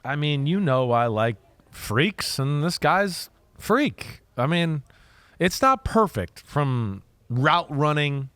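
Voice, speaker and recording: A man hosting a casual football talk show, breaking down players in an animated, emphatic way and often tagging "right?" onto his points. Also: fairly high pitch, slow, smooth, dry recording. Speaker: podcast host, former quarterback. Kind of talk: casual football analysis chat.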